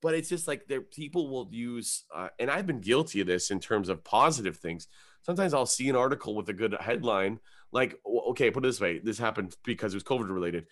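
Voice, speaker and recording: Profane, animated man on a podcast. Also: a little fast. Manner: profane, animated, jumps into high mocking voices for quotes. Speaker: comedian, podcast co-host. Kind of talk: casual podcast chat.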